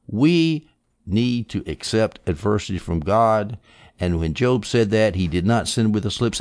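Man preaching verse by verse, low voice, very expressive, sarcastic asides. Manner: animated, sarcastic asides, swings between loud and hushed. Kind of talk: expository Bible teaching.

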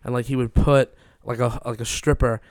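A man's voice: mid-range voice, little pitch movement, normal speed, dry recording, clean studio sound. A young man chatting casually as a podcast host, rambling and swearing with lots of fillers. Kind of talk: casual chat.

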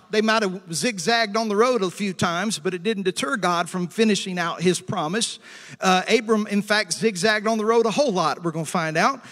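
A man's voice: sits high, a bit bright, in a large hall. A male pastor preaching a sermon, stretching out scripture quotes and calling for amens from the congregation. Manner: preachy call-and-response with amens and hallelujahs; slows down to stress scripture quotes.

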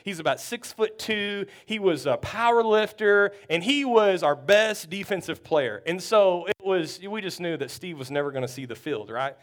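A pastor from Texas telling a story in a sermon, animated and acting out the people in it. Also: male voice, sits high, normal speed, hardly any pauses. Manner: animated storytelling, acts out quotes.

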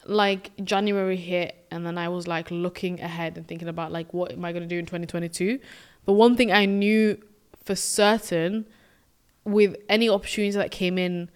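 A woman's voice: fairly low pitch, steady tone, normal speed, smooth. A young woman, chatting reflectively as a podcast co-host, with lots of filler words. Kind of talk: casual chat.

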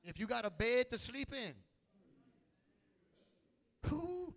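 A man's voice: extremely high pitch, sing-song, slow pace, a bit bright, big-room sound. A man preaching a sermon, calling out to his congregation with rising and falling intensity. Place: church.

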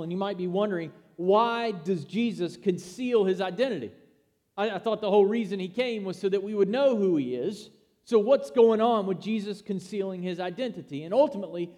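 A man's voice: high-pitched, dark tone, long reverb tail. A man preaching a sermon, emphatic and asking rhetorical questions. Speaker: pastor.

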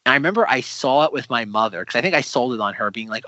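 A man's voice: mid-range voice, very animated, fast, pushed and bright, dry recording, lo-fi sound. A man co-hosting a podcast in casual chat, rambling with many fillers and restarts. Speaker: podcast co-host.

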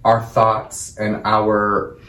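Relaxed man heard from off-mic in an echoey room. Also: fairly low pitch, extremely slow, far from the mic. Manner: relaxed, conversational, asks questions. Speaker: podcast co-host. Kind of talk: casual chat.

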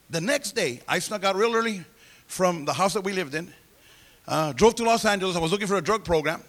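Animated high-voiced man giving a testimony. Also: quick pace. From California. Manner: animated storytelling, acts out quoted voices. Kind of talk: sermon testimony.

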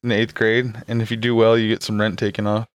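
A man's voice: on the low side, little pitch movement, quick pace, no room sound. A young man hosting a comedy podcast, riffing casually, laughing often and swearing. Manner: laughs often, swears, riffs and acts out bits. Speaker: podcast host.

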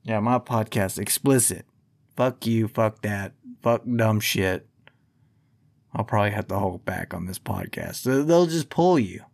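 A man's voice: lowish voice, lively intonation, a little slow, vocal fry. A man hosting a podcast, ranting in a profane, combative monologue. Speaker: podcast host.

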